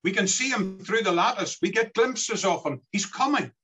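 A man delivers an earnest sermon. His voice is fairly high and bright, with a husky edge. It rises and sinks as he works through scripture. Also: animated, normal speed, soft background music, low-quality recording. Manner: earnest, swelling and dropping as he quotes scripture. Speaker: preacher.

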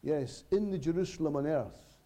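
A man preaching a sermon to his congregation, earnest, with dramatic pauses and sudden swells and drops in volume. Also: on the high side, warm tone.

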